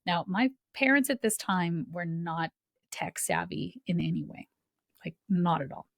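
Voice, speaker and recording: A woman hosts a podcast, telling a personal story in a low, gravelly voice. She talks in a loose, chatty way, full of fillers and quick laughs, and mimics the people she quotes. The sound is close and dry. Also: animated, dry recording. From Canada. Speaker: podcast host.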